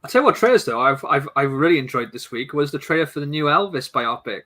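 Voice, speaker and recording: A man's voice: fairly high pitch, lively intonation, quick pace, sharp tone. A man co-hosting a casual live-stream chat. He tells stories in a rambling way, often trailing off and restarting. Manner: chatty storyteller, trails off and restarts. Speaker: stream co-host.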